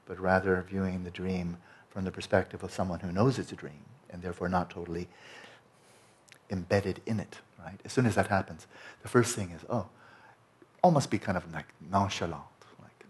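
A man teaching a meditation retreat in a relaxed, conversational way, often checking in with his listeners. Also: sits low, a little fast. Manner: conversational, frequent "you know" and "right?".

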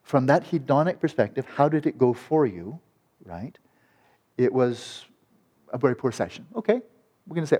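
This dharma talk at a retreat comes from a man who teaches meditation, speaking in a mid-range voice at a fairly quick pace. He stays gentle and soothing, frequently drifting into soft, repeated words.

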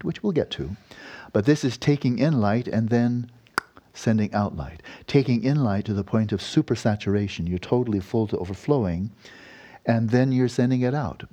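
A male meditation teacher with a low, husky, mellow voice, leading a Buddhist dharma talk. He meanders gently through the guidance. He often adds tag questions and soft chuckles. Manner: unhurried, rambling, tag questions and soft laughs.

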